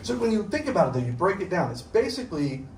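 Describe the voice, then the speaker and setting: Animated man doing stand-up. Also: high-pitched, fast, crowd noise. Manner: animated, acts out quotes with voices. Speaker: stand-up comedian. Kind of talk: live stand-up set. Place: small comedy show venue with audience. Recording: roomy venue audio from far off. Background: audience laughter and room noise.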